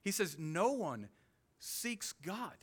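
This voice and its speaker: A man with a Southern US accent preaching a sermon as pastor, animated, with quick humorous asides. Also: high voice. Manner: animated preaching, with sudden loud jokey voices and soft asides.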